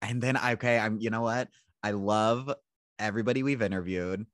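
Playful deep-voiced man podcast co-host. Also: fairly even intonation, moderate pace, fairly bright tone, no echo, clean studio sound. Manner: playful, jokey. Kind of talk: casual podcast chat.

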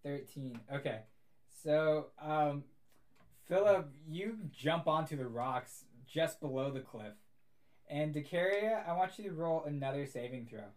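This is a young adult game master narrating a tabletop game among friends. The delivery is casual and amused and full of little fillers, and the pitch sits in a middle range. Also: unhurried, darkish tone.

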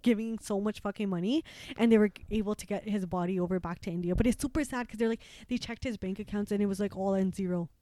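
A woman's voice: mid-range voice, fast talker, mellow, dry recording, studio quality. A woman in her twenties from Canada, chatting casually and rambling through a story with lots of fillers and swearing. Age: 20s. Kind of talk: casual chat.

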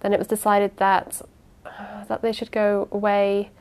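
A woman's voice: mid-range voice, smooth, pitched above the performer's own voice, lightly acted. A woman reading the part of a young woman who speaks evenly but halts and restarts under strain. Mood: earnest. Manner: even, halting with small restarts.

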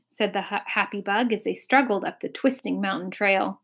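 A woman narrating a chapter of a children's storybook. Her delivery is expressive, with dramatic pacing, and her voice sits at a middle pitch. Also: moderate pace, slightly rough. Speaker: audiobook narrator.

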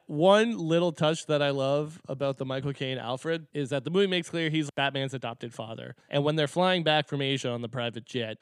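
A man's voice: mid-range voice, fairly bright tone, smooth, no room sound. Wry man chatting about films, dry close mic. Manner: wry, laughs often, quick asides. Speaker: podcast co-host. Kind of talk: casual film discussion.

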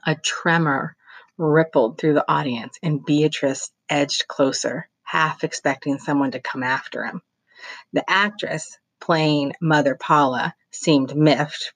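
A teacher reads a novel aloud in a low, expressive voice, pausing now and then for her own brief asides. The sound is close and dry, with no room around it. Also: breathy edge, no room sound.

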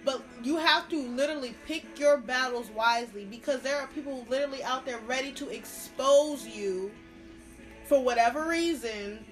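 Woman, podcast co-host, casual chat, high voice, earnest and emphatic, faint music. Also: moderate pace.

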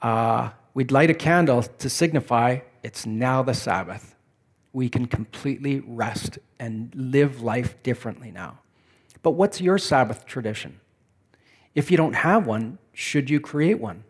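A man preaching a sermon in a conversational, reflective way, asking the listeners questions. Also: medium pitch. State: back pain.

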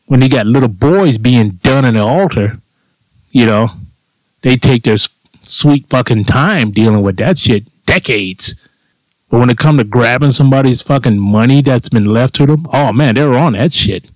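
A man's voice: mid-range voice, normal speed, no room sound, rough recording. A man telling a long personal story on his own show in a crude, sarcastic rant, swearing often. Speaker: podcast host. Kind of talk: casual profane monologue.

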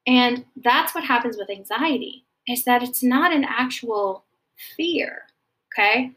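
Gentle woman counselor, higher voice. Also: lively intonation, measured pace. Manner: explains gently, checks in with frequent "okay?". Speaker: Christian counselor teaching about anxiety. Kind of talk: faith-based teaching talk.

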